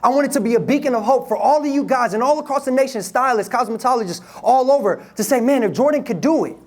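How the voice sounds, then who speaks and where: A young man in his twenties from Detroit giving a live motivational talk, energetic and playful, leading the audience in call-and-response. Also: very high voice, quick pace. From Detroit, USA. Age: 20s. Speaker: motivational speaker. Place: event room with a live audience. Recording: live room recording with crowd and noise.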